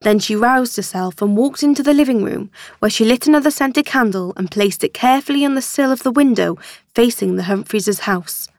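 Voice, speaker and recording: A woman narrating an audiobook in a measured, even reading voice. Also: fairly high pitch, no room sound, clean studio sound. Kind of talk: scripted narration.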